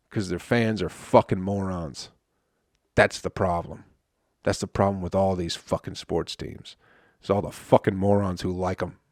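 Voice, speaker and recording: A male comedian hosting a solo podcast, ranting in an exasperated, profane way with sudden loud outbursts. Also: on the low side, no room sound, studio quality. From Flint, Michigan.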